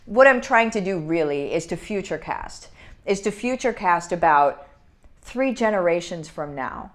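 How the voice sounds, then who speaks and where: A woman, hosting a casual livestream from home and warmly greeting viewers by name. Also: fairly low pitch, animated, measured pace. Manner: upbeat, greets viewers by name, talks to her dog. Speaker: business coach hosting a livestream. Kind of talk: casual livestream chat reading comments.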